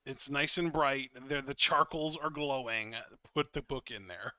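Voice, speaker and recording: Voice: medium pitch, measured pace, pushed and bright, dry recording. Dry-voiced teasing podcast co-host. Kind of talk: casual chat.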